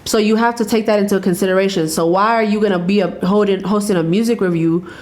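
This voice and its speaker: A woman's voice: mid-range voice, fairly even intonation, fast, darkish tone. A woman from El Paso speaks as a podcast guest, blunt and self-assured, with easy profanity. She is a music reviewer and artist, and her talk stays casual and frank. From El Paso, Texas. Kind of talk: casual interview chat.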